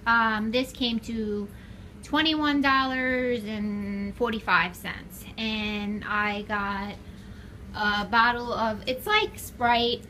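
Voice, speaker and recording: A woman's voice: fairly high pitch, fairly even intonation, extremely slow, pushed and bright, a little hiss or hum. A middle-aged woman chatting casually as she films her shopping trip, walking and talking through the stores, her car and her home. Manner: chatty, walks and talks while shopping. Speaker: vlogger.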